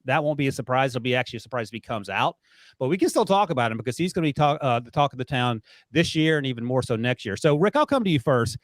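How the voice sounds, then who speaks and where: A man's voice: medium pitch, expressive, fast talker, no echo. A man hosting a sports podcast in a casual, playfully teasing way. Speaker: podcast host.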